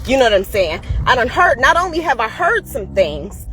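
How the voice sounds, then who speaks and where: A woman's voice: a little high, sing-song, moderate pace, a bit bright, slight background noise. A woman in her forties ranting to her phone camera, blunt and emphatic, swearing heavily and repeating her points. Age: 40s. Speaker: school cafeteria worker. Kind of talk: profane personal rant to camera.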